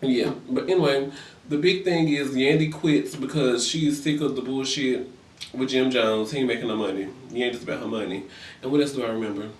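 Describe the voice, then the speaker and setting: A man's voice: mid-range voice, a little fast. A young man recapping reality TV in a sassy, profane gossip rant, acting out other people's lines. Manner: sassy, profane, acts out quoted voices. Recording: echoey room, far from mic.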